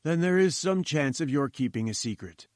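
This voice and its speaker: A man's voice: a little high, animated, normal speed, a little mellow, no room sound, clean studio sound, lightly acted. A man reading an audiobook, voicing a pompous older professor who talks down to his listener. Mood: lecturing. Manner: condescending, lecturing.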